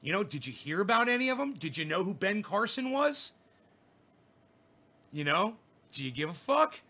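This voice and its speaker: A man streaming a furious monologue, his voice pitched high and cutting with a bright, tense edge. He swears constantly and talks straight at his viewers with open hostility. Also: very animated, moderate pace, slightly rough. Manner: angry, profane, confrontational. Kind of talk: ranting livestream monologue.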